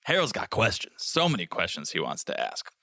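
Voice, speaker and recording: A man's voice: low voice, huge pitch swings, fairly quick, bright, forceful tone, no room sound, studio quality. A man co-hosting a podcast, recapping scenes and teasing his co-host in a playful way. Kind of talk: casual chat.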